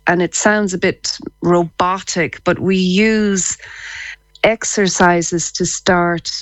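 An Irish woman speaks as a radio guest, explaining her work in a relaxed, chatty way. Her voice sits a touch low and she laughs easily, often restarting her sentences. The sound is dry and close. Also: dry recording. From Ireland. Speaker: psychotherapist and laughter therapist guest. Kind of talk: casual radio interview.

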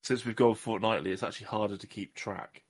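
Low-voiced rambling man. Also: fairly even intonation, a little fast, husky. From Southwest England. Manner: rambling, self-mocking, trails off and restarts. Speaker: podcast co-host. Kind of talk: casual podcast chat.

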